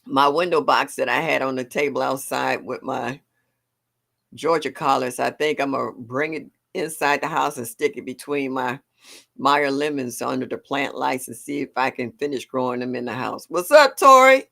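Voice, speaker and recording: An older woman hosts a casual live stream, reading the chat and greeting viewers by name. Her voice is bright and forward. She is open and emotional, breaking into sighs and laughs. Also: very deep voice, fairly even intonation, moderate pace, vocal fry. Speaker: livestream host.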